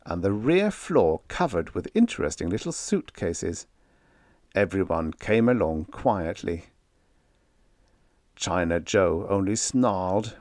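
A man's voice: deep voice, a little mellow, no echo. A man narrating a vintage science fiction story in the first person, with a dry, wry storytelling manner. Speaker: audiobook narrator.

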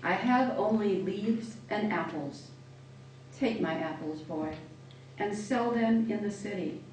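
Woman voicing a loving old tree for a storybook reading, slow and soft, far off in a live room. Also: medium pitch, heavy reverb, a little hiss or hum, close to an everyday voice. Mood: tender. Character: gentle old female apple tree, endlessly giving. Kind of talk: reading a children's story aloud.

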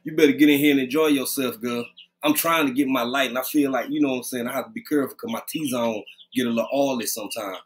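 A fast-talking man with a medium pitch and fairly even intonation hosts a laid-back live stream at home. He greets viewers by name conversationally, close to his webcam mic.

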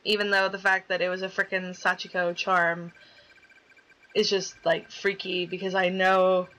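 A woman's voice: lowish voice, level tone, normal speed, sharp tone, low-quality recording. A young woman playing a game and reading its dialogue aloud, chatty and dramatic, swearing casually as she reacts. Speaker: gaming YouTuber.

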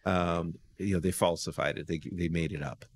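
An American man with a very low voice tells stories in a relaxed podcast chat. He rambles, stacking "you know"s and restarting his sentences, and grows animated as he goes. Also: moderate pace. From United States. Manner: animated storyteller. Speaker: guest, lawyer. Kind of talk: casual podcast conversation.

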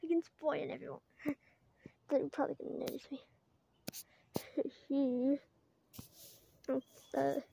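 A woman's voice: high voice, fairly even intonation, slow pace, vocal fry, pauses often, warm tone. A woman vlogging outdoors while climbing, rambling with many fillers and giggles, putting on a mock British-Australian accent. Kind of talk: casual rambling vlog.

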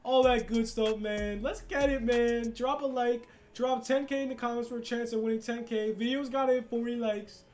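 A young man commenting on a sports video game, hyped and slangy, swinging from shouts to mutters. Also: very high-pitched, fairly even intonation, moderate pace, few pauses. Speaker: gaming YouTuber.

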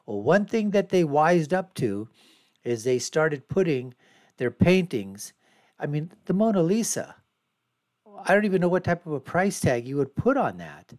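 High-pitched guy ranting scornfully over a news clip, dry close mic. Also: big pitch swings, unhurried, a little mellow, dry recording. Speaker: show host. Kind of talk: commentary over news footage.

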